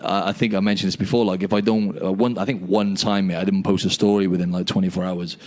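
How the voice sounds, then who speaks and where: A young man from the United Kingdom hosting a casual podcast chat over a video call, an animated storyteller who keeps saying "mate" and "you know what I mean". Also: low-pitched, fast talker. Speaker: podcast host.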